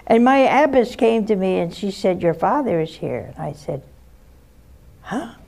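An older woman, a nun who hosts a call-in show, speaks in a plain, mid-pitched voice. She gives blunt spiritual advice and slips easily into homespun stories. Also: very animated, a little slow, vocal fry, a little mellow. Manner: direct, folksy storyteller. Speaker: nun and host answering callers. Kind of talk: spiritual advice and personal storytelling.

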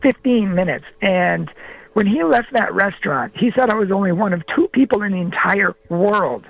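A man talking as a guest on a radio show, telling stories in an animated way and acting out the dialogue. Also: high-pitched, normal speed, vocal fry, dry recording, poor audio. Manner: animated, acts out quoted dialogue. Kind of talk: storytelling in a radio interview.

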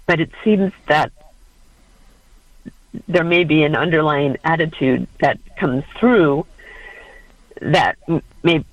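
A woman calling in to a radio advice show, hesitant and halting, with many pauses and ums. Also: deep voice, dry recording, muffled recording. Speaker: caller.

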